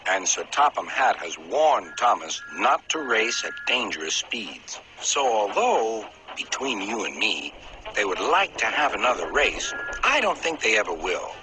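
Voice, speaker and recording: A man narrating a children's storybook in a lively, expressive reading style. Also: lowish voice, measured pace, noisy background. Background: music.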